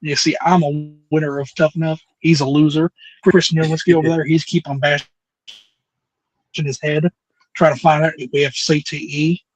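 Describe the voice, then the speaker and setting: A man's voice: a little high, normal speed, slightly rough, dry recording, low-quality recording. A man putting on a boastful wrestler's voice with a put-on Southern drawl, in a comedic impression. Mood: smug. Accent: put-on American Southern. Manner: boastful, cocky, deadpan.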